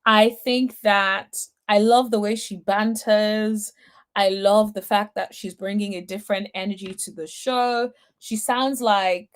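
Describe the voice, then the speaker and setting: A woman's voice: mid-range voice, fairly even intonation, measured pace. Sassy chatty woman hosting a recap. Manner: chatty, sassy, with filler "um" and "honey". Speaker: reality TV recap host. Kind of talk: casual chat reading live comments.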